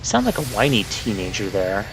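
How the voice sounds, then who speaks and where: A man's voice: on the low side, wildly swooping pitch, moderate pace. A man hosting a let's play, chatting casually and wryly about the game, with a lightly sarcastic edge. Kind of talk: casual gameplay commentary. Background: game music.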